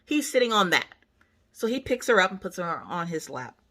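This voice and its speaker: A woman hosting a casual vlog, telling a family story in an animated, emphatic way with sassy asides. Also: on the low side, moderate pace. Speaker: channel host, mother.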